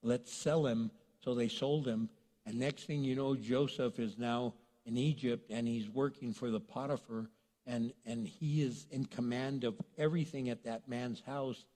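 A man preaching a sermon, retelling a story in a lively, conversational way and acting out the characters. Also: medium pitch, moderate pace. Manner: animated storytelling, acts out characters. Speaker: pastor. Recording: long reverb in a large hall.

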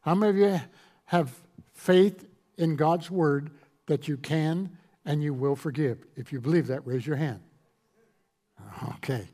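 A male pastor preaching a sermon to a congregation, quoting scripture in a raised, animated voice. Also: fairly high pitch, a little slow, pauses often. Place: church hall with congregation.

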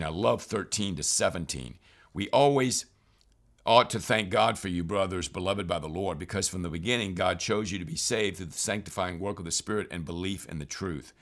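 Male priest with a somewhat low voice, earnest and unhurried, leading a Bible reading talk. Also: fairly bright tone. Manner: earnest, unhurried, reads scripture aloud.

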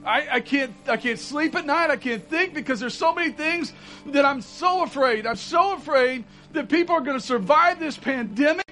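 Pastor guy preaching, really high voice, folksy and chatty, faint music underneath. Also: moderate pace, sharp tone, low-quality recording. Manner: folksy, rising to urgent emphasis with repeated phrases. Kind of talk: sermon.

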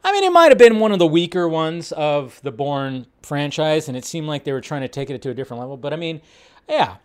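A man's voice: a little high, big pitch swings, fairly quick, darkish tone, clear, resonant tone. A middle-aged man casually chatting on his live movie show, rambling with restarts and talking to his chat.

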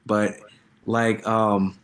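A man's voice: on the low side, level tone, extremely slow, a little hiss or hum. A man in casual group chat, telling stories and acting out the people he quotes. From New York. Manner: storytelling, acts out people he quotes.

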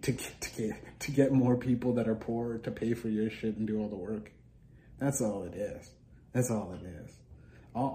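A man's voice: medium pitch, noisy background. A young man hosting a solo show, rambling and profane in a scattered, stream-of-consciousness way. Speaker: podcast host.

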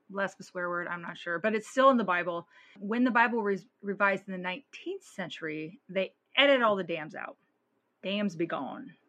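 A woman co-hosting a podcast in casual chat, blunt and animated, laughing often and swearing freely. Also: mid-range voice. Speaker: podcast co-host.

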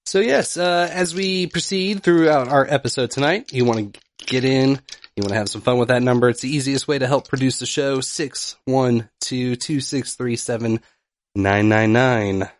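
A man's voice: mid-range voice, normal speed, no room sound. A man co-hosting a podcast in casual, joking chat. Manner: playful, joking. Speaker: podcast co-host.

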